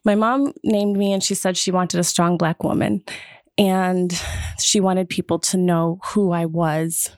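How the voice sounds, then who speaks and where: A woman's voice: fairly low pitch, a little slow, dry recording, studio quality. A woman in her fifties from Wisconsin, telling personal stories in a casual group talk and acting out the voices of people she quotes. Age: 50s. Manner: lively storyteller, acts out quoted voices. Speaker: podcast guest sharing her story.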